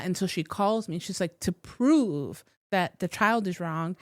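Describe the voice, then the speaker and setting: A woman guest, a psychic and teacher, telling a personal story in a casual interview, emotional and close to tears, with halting restarts. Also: on the low side, expressive, no echo.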